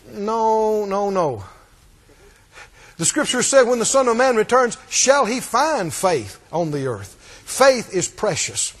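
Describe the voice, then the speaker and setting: Male preacher, very high and animated delivery, emphatic repetition, long church reverb. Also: slow, breathy edge. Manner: emphatic, repetitive, call-and-response. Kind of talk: sermon.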